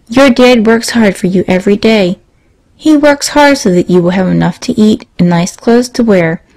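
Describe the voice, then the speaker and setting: A woman narrating a children's moral story in a gentle storytelling manner, asking the young listeners questions. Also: mid-range voice, poor audio.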